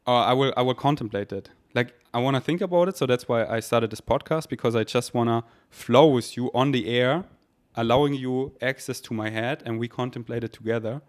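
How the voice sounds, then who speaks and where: A man's voice: mid-range voice, brisk. A man hosting a podcast, speaking in a rambling spiritual monologue with repeated words and casual swearing; German is his first language. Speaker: podcast host.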